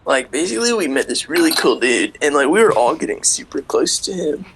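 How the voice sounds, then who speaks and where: A man's voice: fairly high pitch, big pitch swings, brisk, crowd noise, rough recording. A man voicing an airheaded, laid-back young guy who rambles and fills every gap with "like" and "dude". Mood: rambling.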